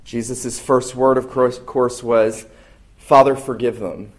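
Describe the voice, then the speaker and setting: A pastor in his thirties, a man, preaching a sermon in an earnest, emphatic way, slowing down to stress key phrases. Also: mid-range voice, steady tone.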